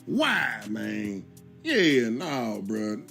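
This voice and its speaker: A man's voice: medium pitch, huge pitch swings, drawn-out words, creaky, sharp tone, soft background music. A man hosting a casual reaction commentary video, talking loosely and peppering lines with 'bro' and 'you understand me.'. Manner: conversational, repeats 'bro' and 'you understand me'. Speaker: YouTube commentary host.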